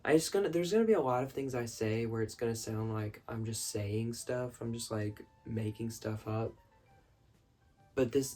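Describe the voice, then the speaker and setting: Brief: man, gravelly dark voice, excitable rambling monologue, faint music under it. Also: mid-range voice. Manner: excitable, rambling, apologetic asides. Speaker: vlogger reviewing a film. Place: his bedroom at night.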